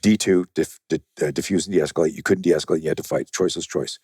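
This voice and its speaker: A man being interviewed as a self-defense trainer, telling animated, profane stories and acting out other people's voices. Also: very deep voice, quick pace, breathy edge, no echo, studio quality. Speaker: guest, self-defense and fear-management trainer. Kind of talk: conversational storytelling in a podcast interview.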